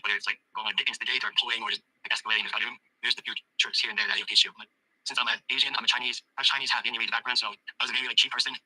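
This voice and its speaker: A young man giving a coaching testimonial, rambling quickly with lots of fillers and restarts, speaking in a fairly monotone way. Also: mid-range voice, no room sound, low-quality recording. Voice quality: husky, monotone. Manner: fast, filler-heavy rambling with many restarts.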